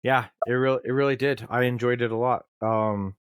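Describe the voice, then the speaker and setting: A man's voice: medium pitch, fairly even intonation, moderate pace, clear, resonant tone, dry recording. Laid-back male podcast co-host, dry sound. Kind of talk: casual podcast chat.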